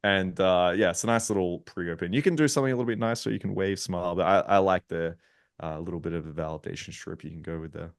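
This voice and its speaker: A man's voice: sits low, fast. A man, a dating coach on a panel, explaining his approach bluntly and with lots of swearing. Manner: blunt, profane, emphatic. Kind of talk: panel discussion.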